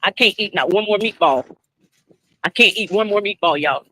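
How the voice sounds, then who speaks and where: A woman's voice: medium pitch, moderate pace, pushed and bright, no room sound, rough recording. Chatty woman live-streaming to viewers. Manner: chatty, talks straight to viewers and laughs often. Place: shop checkout, then at home.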